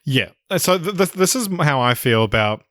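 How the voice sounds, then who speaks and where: Excited, rambling male podcast co-host. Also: medium pitch, normal speed, no echo, clean studio sound. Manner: rambling, enthusiastic, swears freely. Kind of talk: casual film discussion.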